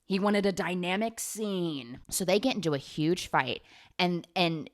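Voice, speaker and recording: A woman's voice: on the low side, a little slow. Sarcastic, swearing young woman vlogger. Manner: sarcastic, profane, gossipy. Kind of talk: casual movie recap.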